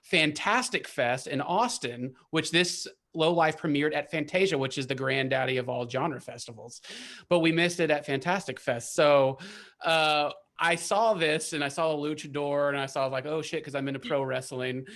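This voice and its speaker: A man's voice: a little high, moderate pace, a bit bright. A man hosting a podcast, chatting enthusiastically and laughing a lot with his guest. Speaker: podcast host. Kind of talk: casual interview chat.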